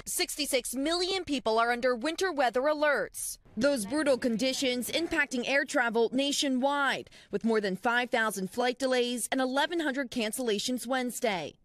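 A woman narrating a weather news report in a measured, emphatic voice-over. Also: sits high. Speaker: news correspondent.

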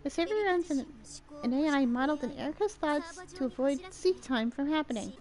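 A young woman with a high-pitched, slightly mellow voice streams a game at a fairly quick pace. She reads its dialogue aloud in several different voices, slipping in casual comments of her own between lines.

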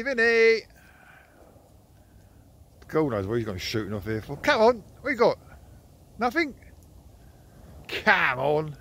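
A man's voice: medium pitch, noisy background. A middle-aged man, filming on his phone as he walks his dogs outdoors and chats to them in a teasing, playful way. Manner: chatty, teasing, sing-song talk to pets. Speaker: dog owner filming a walk. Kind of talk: chatting to his dogs on a walk. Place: outdoors by water in the countryside. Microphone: phone held while walking.

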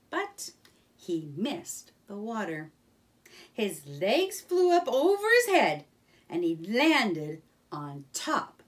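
A woman reading a children's book aloud, telling the story in an expressive, measured way. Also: mid-range voice. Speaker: storybook reader.

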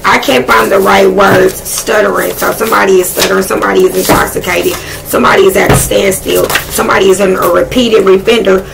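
A woman giving a casual tarot reading, blunt and excitable, swearing freely as she talks to spirit. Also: medium pitch, brisk, vocal fry, hardly any pauses, over music, rough recording. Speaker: tarot reader.

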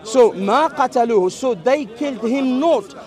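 A high-pitched man argues his case in an open-air debate in a public park. He explains patiently, interrupts often and runs through Arabic recitation fast, with a crowd murmuring faintly behind him. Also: lively intonation, a little mellow. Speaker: street debater.

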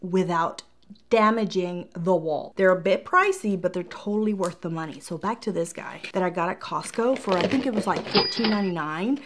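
Speaking at a moderate pace in a lowish voice over slight background noise, a woman chats enthusiastically to her viewers while reviewing store products. She grew up in Puerto Rico, and hints of a Southern American accent come through in this casual vlog.

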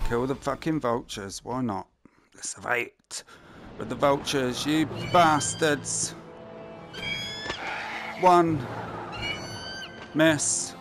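Slow, swearing gamer man. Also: medium pitch, fairly bright tone. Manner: chatty, swears casually, mutters to himself. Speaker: gameplay commentator. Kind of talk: casual gameplay commentary. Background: game music.

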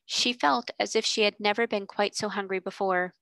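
A woman reading a children's novel aloud, steady and gentle. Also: medium pitch, moderate pace, gravelly, dry recording, low-quality recording. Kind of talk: audiobook read-aloud narration.

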